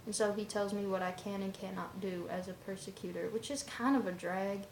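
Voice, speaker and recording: A woman with a gravelly, creaky voice that stays flat in pitch, talking straight to camera in a casual vlog. She rambles offhandedly in loose run-on asides. The room around her sounds roomy and echoey. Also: a little fast, hardly any pauses, slight background noise.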